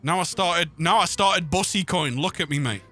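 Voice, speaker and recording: A man's voice: on the high side, moderate pace, sharp tone, soft background music. A young man joking cockily with a friend while playing a construction game. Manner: cocky, joking. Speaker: gamer. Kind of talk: casual gaming banter.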